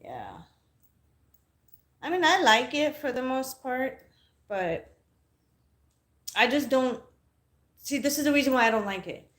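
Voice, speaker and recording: A woman's voice: high-pitched, very animated, measured pace, pauses often, a bit bright. Woman in her 30s hosting a live podcast, blunt and jokey, cusses a lot, echoey room. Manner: blunt, playful, swears freely. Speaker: podcast host. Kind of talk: casual livestream chat.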